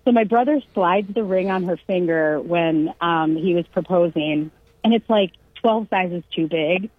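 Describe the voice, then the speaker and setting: A woman with a slightly low, husky voice tells a family story in easygoing conversation, slipping into the voices of the people she quotes. The sound is dry and tinny, like a phone line. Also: measured pace, no echo. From California. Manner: animated anecdote-telling, acts out quotes. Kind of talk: casual chat.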